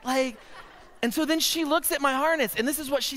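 Animated high-voiced man telling a comic story in a chapel. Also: a little fast, a little hiss or hum. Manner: comic, animated storytelling with frequent "right?" asides. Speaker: chapel speaker. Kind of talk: humorous storytelling sermon. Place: university chapel hall. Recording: long hall reverb.

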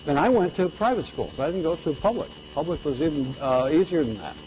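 A man's voice: a little high, lively intonation, brisk, a little mellow, slight background noise, rough recording. An older man giving an economics lecture to an audience, conversational and checking in with "okay?" after his points.

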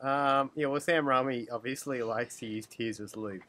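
Aussie guy, mid-pitched voice, dry jokes about movies. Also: fairly even intonation, moderate pace, sharp tone, slight background noise. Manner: dry, wry humor. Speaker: podcast co-host. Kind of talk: casual film review chat.

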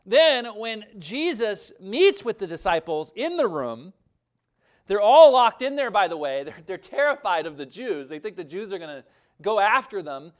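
Earnest high-voiced male pastor preaching. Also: big pitch swings, normal speed. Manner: earnest, emphatic preaching with rising and falling intensity. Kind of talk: sermon.

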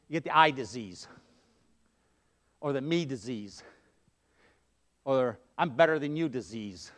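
A man with a high voice preaches a sermon in a church. His delivery feels conversational, with stories from his own life worked in between the points. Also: expressive, moderate pace, pauses often, fairly bright tone. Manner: conversational preaching with storytelling asides. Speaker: pastor. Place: church sanctuary.

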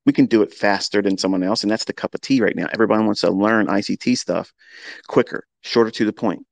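A man's voice: on the low side, fast, creaky, dry recording. A man who teaches trading, giving an earnest lecture on a live audio chat and often repeating his points. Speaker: trading educator.

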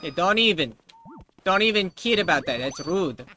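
A man's voice: high voice, expressive, moderate pace, sharp tone, soft background music, low-quality recording. A man hosting a let's play, giving casual gameplay commentary with sarcastic jokes aimed at the game. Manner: sarcastic and jokey, talks back to the game.

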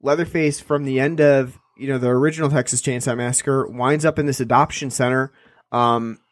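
On a podcast, a male co-host with a steady, brisk mid-range voice talks loosely about a movie in a casual review. The sound is clean studio audio with no room tone, and his talk wanders with lots of fillers and restarts.

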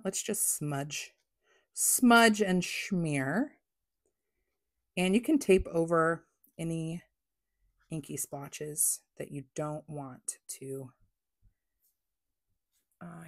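A woman chatting through a craft unboxing, gushing with excitement and dropping to whispers. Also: deep voice, creaky. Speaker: crafting vlogger. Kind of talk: casual unboxing chat.

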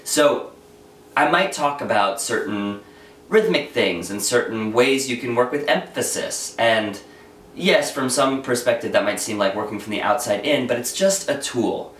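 A man's voice: medium pitch, animated, fairly bright tone, distant mic. A young man, explaining acting technique in an earnest, talky way as the host of a video lesson. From New York. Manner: earnest, explanatory, quick asides. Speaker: acting teacher. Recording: echoey room, voice set back from the mic, faint noise.

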